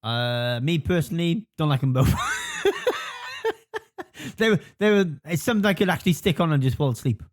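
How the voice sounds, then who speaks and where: A man's voice: on the high side, brisk. A man hosting a podcast, chatting casually and laughing often. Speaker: podcast host. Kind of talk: casual chat.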